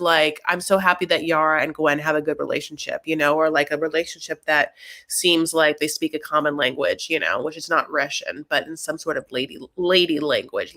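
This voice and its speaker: A woman's voice: on the low side, a bit bright. A woman hosting a casual chat, rambling through a recap with lots of fillers and acted-out quotes. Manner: rambling, filler-heavy, acts out quotes in funny voices. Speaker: host.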